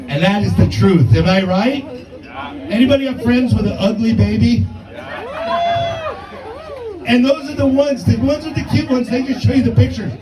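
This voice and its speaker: A man's voice: sits high, normal speed, long pauses, echoey room, recorded from a distance, a crowd in the background, low-quality recording. A man in his fifties doing a brash, profane, self-mocking stand-up comedy set in a comedy club. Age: 50s.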